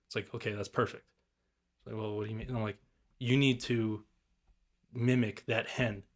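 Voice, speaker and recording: A young man with a lowish voice and flat delivery tells turkey hunting stories on a podcast at a moderate pace. His storytelling is casual and rambling, with swearing and mimicked calls.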